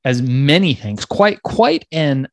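Male co-host, friendly and brisk, mid pitch, dry sound. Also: sing-song, no echo. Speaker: podcast co-host. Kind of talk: casual talk-show chat.

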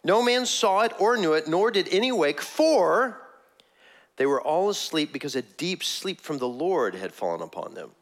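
A man preaching a sermon, telling the story with animated energy and frequent laughs. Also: a little high, normal speed. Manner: animated storytelling, laughs often, acts out quotes. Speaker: pastor.

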